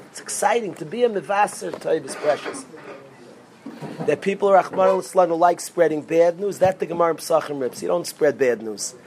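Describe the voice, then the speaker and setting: A man teaching an informal Torah class as a rabbi, animated and rising to near-shouts when excited, sprinkling in Hebrew and Yiddish terms. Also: sits high, a little hiss or hum.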